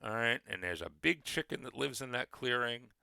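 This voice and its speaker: A mischievous fey leprechaun, put on by a man running a tabletop game talks in a raised, cheerful voice that wheedles and bargains. His tone is bright and clear with a gravelly edge. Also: mid-range voice, animated, moderate pace, dry recording, voice pushed up, heavily acted. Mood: cheerful bargaining. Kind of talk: game master voicing a character.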